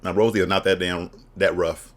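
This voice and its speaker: There's crowd noise as a man with a low voice and fairly even intonation hosts a casual drag reaction video, talking a little fast. He's frank and blunt, full of bawdy jokes and frequent laughs.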